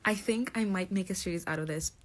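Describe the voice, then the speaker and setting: A woman's voice: on the low side, quick pace. A woman in her twenties from Greece telling a story casually to the camera in a chatty, exasperated way.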